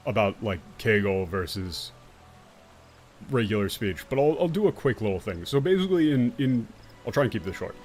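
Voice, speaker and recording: A man streaming a game, explaining and ranting emphatically with frequent swearing. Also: mid-range voice. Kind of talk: let's play commentary.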